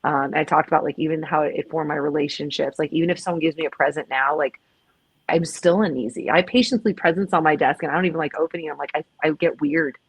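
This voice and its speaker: A woman with a low-pitched voice talks candidly as a podcast guest, emphatic and quick to exclaim. She often restarts her sentences. The sound is dry and close-miked. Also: steady tone, slightly rough, no echo. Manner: emphatic, swears, frequent restarts. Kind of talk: candid conversational chat.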